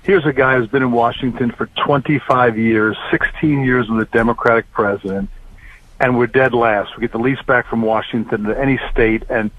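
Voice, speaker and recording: A man's voice: mid-range voice, fairly even intonation, moderate pace. A middle-aged man from New Jersey, a political candidate calling in by phone, talking with upbeat campaign energy. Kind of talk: phone-in interview. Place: campaign event venue. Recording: tinny phone line.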